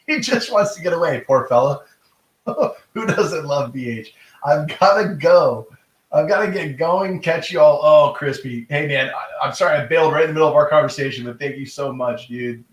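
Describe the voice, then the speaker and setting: A man's voice: on the high side, fairly bright tone, reverberant, low-quality recording. A man casually chatting as he runs a live-stream auction from his home, laughing often and rambling between bids. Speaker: livestream auction host. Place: room at home.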